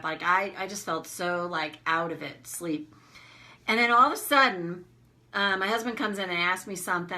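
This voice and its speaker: A middle-aged woman talks straight to her viewers on a live video stream. She tells stories candidly and with animation, swears freely, and coaches them through tapping. Her voice is bright and forceful, and her pitch sits in the middle. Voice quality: candid, animated storytelling with frank language. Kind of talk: casual live-stream talk. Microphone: phone or webcam, live video.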